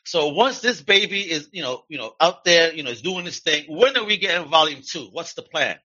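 An enthusiastic male podcast host from Puerto Rico with a bright, pressed, somewhat husky voice. He chats playfully and keeps the conversation upbeat. The recording sounds dull and lo-fi. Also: a little high, animated, brisk. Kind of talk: casual interview chat.

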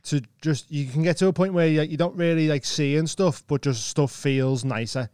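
A man's voice: fairly high pitch, a little mellow, clear, resonant tone, dry recording, studio quality. Laid-back male podcast host. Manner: laid-back, quick agreeing interjections. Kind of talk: casual podcast chat.

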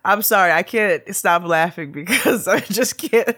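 A woman's voice: medium pitch, expressive, a little slow, a bit bright, dry recording. Woman co-host, casual and giggly, dry close sound. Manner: giggly, laughs often. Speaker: podcast co-host. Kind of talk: casual chat.

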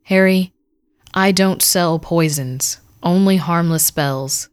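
A woman's voice: sits low, measured pace. A woman voicing a cool, fierce female witch who runs a shop in an audio story. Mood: calm.

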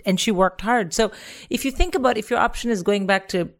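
A woman's voice: medium pitch, a little fast. A woman speaking in casual comedy podcast chat who gives frank opinions and swears casually.

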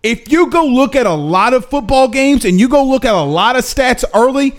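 A man's voice: very high voice, expressive, normal speed, few pauses. A young man hosting a sports podcast, talking casually and energetically, repeating himself for emphasis. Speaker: podcast host.

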